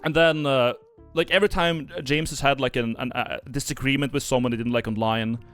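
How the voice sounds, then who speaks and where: A man's voice: mid-range voice, fairly even intonation, brisk, a bit bright, smooth, soft background music. A young Norwegian man giving casual stream commentary, rambling with many fillers and restarts. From Norway.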